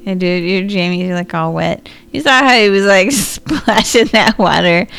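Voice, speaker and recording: A woman's voice: medium pitch, creaky, a bit bright, smooth. Chatty woman reacting to a movie. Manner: chatty, quick to laugh and complain. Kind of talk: casual watch-along chat.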